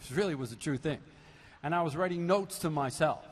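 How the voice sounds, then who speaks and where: A man's voice: fairly high pitch, fairly quick. Man telling stories from a reverberant arena stage. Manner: storytelling, animated, playful asides. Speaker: percussionist addressing a concert audience. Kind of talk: stage talk between songs. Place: large basketball arena used as a concert hall. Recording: live hall recording with long reverb and faint noise.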